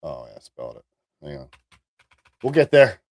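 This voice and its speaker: A man hosting a live-stream commentary show, talking straight to his viewers in an animated way. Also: a bass voice, normal speed, dry recording. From United States. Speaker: host.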